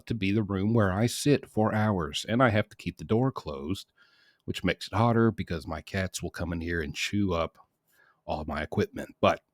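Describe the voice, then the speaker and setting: A man's voice: low voice, no echo, clean studio sound. A man hosting a casual morning podcast from a small hot room at home, talking in a rambling, chatty way that corrects itself as he goes. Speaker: podcast host. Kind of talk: casual chat.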